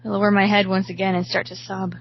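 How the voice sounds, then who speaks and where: Woman reading a horror story, hushed. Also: mid-range voice, flat delivery, quick pace, dull audio, slight background noise.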